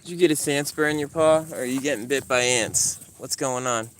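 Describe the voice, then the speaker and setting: A young man chatting casually on a livestream outdoors while walking his dog, getting animated as he tells a story. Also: brisk, a little hiss or hum. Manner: animated storyteller, voice climbing high when retelling arguments. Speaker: YouTuber streaming live to chat. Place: outdoors in a yard.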